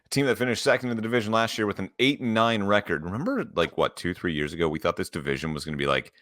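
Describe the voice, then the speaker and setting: A man hosting a sports podcast in casual chat, laid-back, running through lists with quick quips. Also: on the low side, fairly bright tone, no room sound, clean studio sound. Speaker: podcast host.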